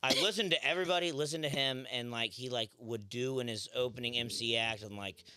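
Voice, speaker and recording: A man's voice: mid-range voice, brisk, clear, resonant tone, no room sound. A man with a Southern accent from Memphis, telling rambling stories in a casual podcast chat. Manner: rambling, animated storyteller. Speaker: podcast co-host.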